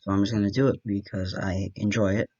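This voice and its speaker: A man's voice: fairly low pitch, flat delivery, fairly quick, dark tone, breathy edge, muffled recording. Rambling young man, Wisconsin accent. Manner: chatty, self-deprecating, talks to himself. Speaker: podcast host. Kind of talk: solo rambling monologue.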